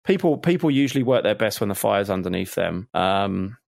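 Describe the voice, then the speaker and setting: A man co-hosting a podcast in casual chat, talking in a measured, thoughtful way. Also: fairly low pitch, lively intonation, vocal fry, dry recording, clean studio sound. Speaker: podcast co-host.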